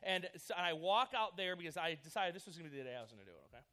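A man's voice: fairly high pitch, racing. A man, preaching a casual sermon to young people, telling stories with lots of fillers. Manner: energetic, chatty storytelling with many fillers. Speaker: youth pastor.

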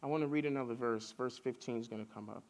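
A man's voice: mid-range voice, quick pace, darkish tone. A man preaching casually to young people, telling stories with lots of fillers. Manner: chatty storytelling with many fillers. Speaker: youth pastor.

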